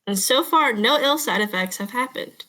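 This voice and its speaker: A woman's voice: a little high, animated, moderate pace, bright, forceful tone. A woman voicing a grown son in a tabletop game, a young man who is hurt and defensive and talks back frankly.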